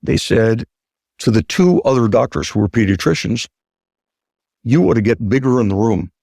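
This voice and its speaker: Gravelly husky guy, surgeon guest, emphatic, keeps repeating his points, dry sound. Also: medium pitch, animated, moderate pace, warm tone, dry recording. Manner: emphatic, acts out quoted patient and doctor talk; repeats key points for stress. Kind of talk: conversational interview talk.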